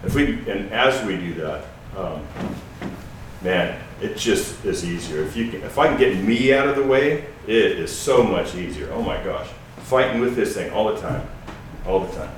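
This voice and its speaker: Guest preacher, male, low voice, chatty halting sermon, heard off-mic in a roomy echoing hall with faint hiss. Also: expressive. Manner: conversational, halting, with restarts and asides. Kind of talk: informal sermon. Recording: echoey hall from a distance with faint noise.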